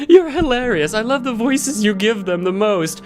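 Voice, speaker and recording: A man's voice: sits high, lively intonation, unhurried, soft background music. A man voicing a playful young woman on a blind date in a dating sim, speaking in a light put-on voice. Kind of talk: dating sim let's play.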